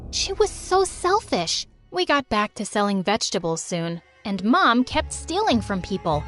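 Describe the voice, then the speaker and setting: High-voiced woman narrating a story. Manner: expressive, dramatic storytelling. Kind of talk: scripted first-person narration.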